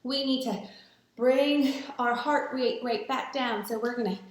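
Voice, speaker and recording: A woman teacher walks her students through a math lesson at a slow, patient pace, her voice sitting a little high. She sounds encouraging and clear. The recording has a noticeable echo from the room. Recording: echoey room.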